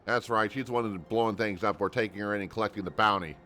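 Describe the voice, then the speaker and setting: A man's voice: fairly low pitch, fast talker, bright, forceful tone, pitched above the performer's own voice. A man voicing a brash, confrontational young bounty hunter. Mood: accusing.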